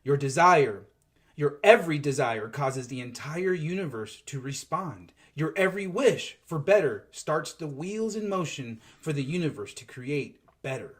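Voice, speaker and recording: A co-host of a spiritual gathering who jokes and giggles in chat, then reads a message aloud in a soft, measured way. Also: medium pitch, animated.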